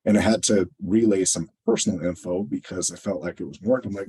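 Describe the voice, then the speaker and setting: Man, webinar trainer, deep voice, husky tone, conversational lecture, acts out quoted exchanges. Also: steady tone, fairly quick, dark tone, poor audio. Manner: conversational, tag questions, fillers.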